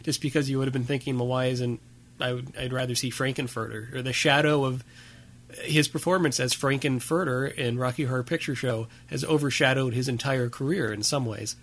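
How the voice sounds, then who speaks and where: A man's voice: medium pitch, steady tone, a little fast, a bit bright. A man in casual conversation about films, talking with frequent fillers and hesitations. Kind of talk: casual film discussion.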